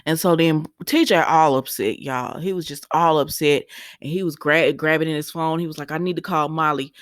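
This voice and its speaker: A woman's voice: low-pitched, normal speed, dry recording. Woman, casual and emotional recap host, close and dry recording. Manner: chatty and emotional, talks to viewers as "y'all". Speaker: soap opera recap host.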